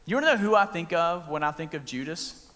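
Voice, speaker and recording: A youth pastor giving a casual, animated sermon and acting out the story as he goes. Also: a little high, fairly quick, slight background noise. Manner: animated, conversational, acts out scenes. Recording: long reverb in a large room.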